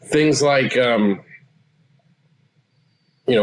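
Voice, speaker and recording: A man in his forties, a therapist guest, explaining things in a calm, assured way. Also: mid-range voice, moderate pace, breathy edge. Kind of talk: interview answers.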